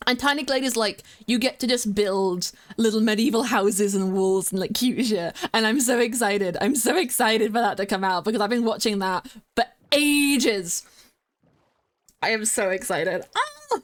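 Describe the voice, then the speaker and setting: A young woman streaming a game and chatting casually with her viewers, rambling with lots of fillers and restarts and breaking into excited greetings. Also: mid-range voice, normal speed.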